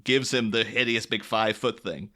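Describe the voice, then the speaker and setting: A man's voice: on the low side, fairly even intonation, moderate pace, sharp tone. A man co-hosting a podcast, telling a long anecdote in casual chat, full of fillers and acted-out quotes. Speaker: podcast co-host.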